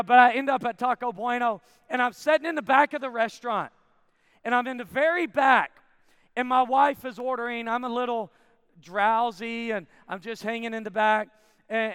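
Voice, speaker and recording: A man in his forties from Arkansas preaching a sermon, telling a story with animated bursts of shouting and then dropping to a quiet, intense tone. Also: very high voice, clean tone. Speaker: camp preacher. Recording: long hall reverb.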